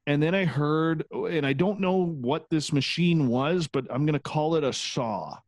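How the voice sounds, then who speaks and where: A man's voice: a little high, unhurried, no echo. A man, a guest who hosts his own radio show, telling a personal story in a casual, candid interview with occasional swearing.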